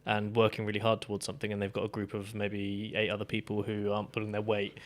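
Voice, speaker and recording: Fast-talking male podcast host. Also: lowish voice, completely flat delivery. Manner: quick, chatty, laughs often. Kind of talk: casual conversation.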